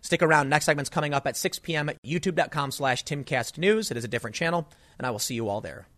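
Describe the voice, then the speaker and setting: A man's voice: on the high side, quick pace, a bit bright, dry recording, studio quality. A man hosting his own political commentary show, ranting in an exasperated way with frequent restarts and bursts of frustration.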